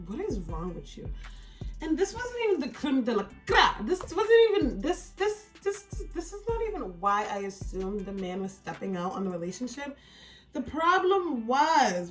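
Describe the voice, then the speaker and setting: A woman telling a story in a get-ready-with-me vlog, animated and exasperated, with frequent swearing. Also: a little high. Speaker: beauty vlogger.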